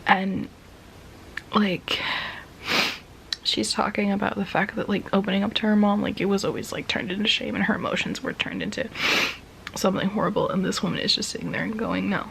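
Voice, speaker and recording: A gravelly, mid-range female voice with fairly even intonation talks a little fast but pauses often, with a touch of hiss or hum in the background. She's a book reviewer in a casual vlog, tearfully gushing over a romance novel she adores, full of fillers and whispered asides.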